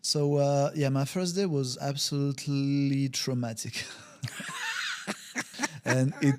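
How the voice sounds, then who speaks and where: A man of average pitch tells a story as a podcast guest. He slips into quoted voices to act out each scene. His phrasing is non-native, and it is full of fillers and restarts. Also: steady tone, slow pace, darkish tone, slight background noise. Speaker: podcast guest, wellbeing consultant. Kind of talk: conversational storytelling.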